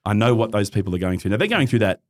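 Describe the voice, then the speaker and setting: Animated middle-aged Australian man. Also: fairly low pitch, rapid-fire. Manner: animated, acts out quoted voices, laughs often. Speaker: guest. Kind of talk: casual storytelling.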